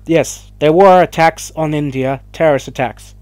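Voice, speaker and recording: A man's voice: fairly high pitch, a little mellow, no echo. A young man ranting emotionally to camera in a vlog, swearing and rambling as he gets worked up. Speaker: vlogger. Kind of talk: heated opinion rant to camera.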